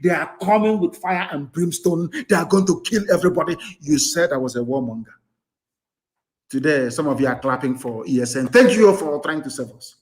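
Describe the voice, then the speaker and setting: A man with a Nigerian accent delivers a live radio broadcast speech in a somewhat high-pitched voice. He is fiery and scornful. He jumps from loud bursts to low, muttered asides. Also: lively intonation, brisk. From southeastern Nigeria. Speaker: political activist broadcaster.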